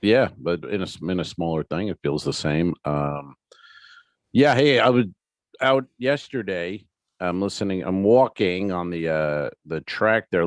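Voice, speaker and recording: Animated, lively-voiced male podcast storyteller. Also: sits low, no echo, studio quality. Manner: animated storyteller, acts out quotes. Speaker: podcast co-host. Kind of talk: casual comedy podcast chat.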